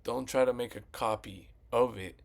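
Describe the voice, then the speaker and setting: A man's voice: mid-range voice, moderate pace, vocal fry. A man casually ranting about a movie sequel, rambling and swearing as he retells scenes. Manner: profane, rambling, retells scenes with quoted voices. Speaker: movie commentary vlogger.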